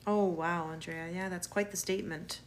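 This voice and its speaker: A woman's voice: lowish voice, steady tone, moderate pace, a little hiss or hum. A Canadian woman runs a live tarot stream, greeting viewers and answering them as she goes. Her talk is chatty and reassuring, and she often trips over and restarts her words. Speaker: tarot reader.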